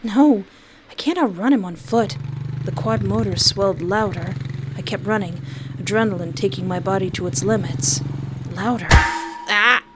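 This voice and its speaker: Give me an excitable woman reading a horror game aloud, mid pitch. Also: normal speed, noisy background. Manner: excitable, yelling reactions. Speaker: game streamer. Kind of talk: reading a visual novel aloud with reactions.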